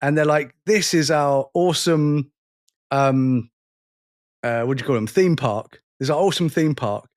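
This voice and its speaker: A man co-hosting a podcast in casual chat, animated, laughing often and mimicking lines from shows. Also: mid-range voice, moderate pace, no echo, clean studio sound. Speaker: podcast co-host.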